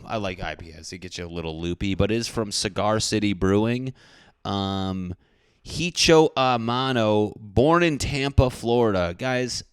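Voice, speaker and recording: Low-voiced man joking rambly. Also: a bit bright, clear, resonant tone, no room sound, clean studio sound. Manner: joking, rambling, self-deprecating. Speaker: podcast host. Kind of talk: casual comedic podcast rant.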